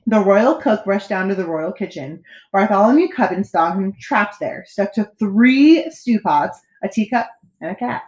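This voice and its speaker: A woman reading a children's picture book aloud, with expressive, dramatic delivery. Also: mid-range voice, normal speed. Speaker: storyteller. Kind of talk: children's story read-aloud. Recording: echoey room.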